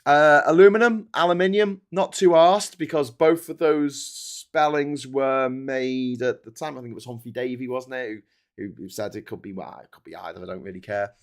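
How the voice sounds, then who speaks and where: A middle-pitched man in his fifties with a British accent chats on a live stream. He reads out comments from his audience. He rants about word usage, swearing freely and often restarting his sentences. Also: normal speed. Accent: British English. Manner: ranting and swearing, animated, with frequent restarts. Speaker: livestream host. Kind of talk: casual live-stream chat reading viewer comments.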